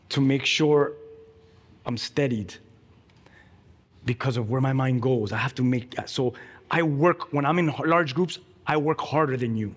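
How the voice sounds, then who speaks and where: A man preaching a sermon, emphatic and energetic, telling a story with lively quoted voices. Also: medium pitch, in a large hall. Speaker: pastor.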